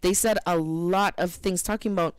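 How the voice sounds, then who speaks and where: A woman co-hosting an internet radio show, chatting casually and telling stories in an animated way. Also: fairly low pitch, moderate pace, smooth, dry recording.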